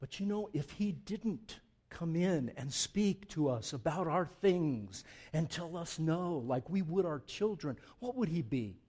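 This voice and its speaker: A man preaching a sermon as pastor, swinging from loud, emphatic passages to quiet joking asides. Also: fairly high pitch, expressive, a little slow, hardly any pauses, slightly rough. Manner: joking, conversational.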